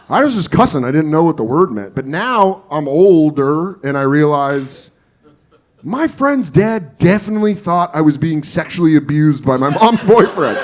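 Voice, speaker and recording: Man, stand-up comedian, comedy club stage, profane storytelling, very expressive pitch. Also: moderate pace. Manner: animated storytelling, profane, jumps into loud exaggerated character voices.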